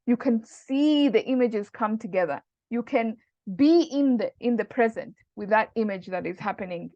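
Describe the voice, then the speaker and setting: A woman's voice: mid-range voice, vocal fry, a little mellow, dry recording, lo-fi sound. A woman teaching Arabic grammar in a casual online lesson, explaining patiently and quoting Arabic phrases.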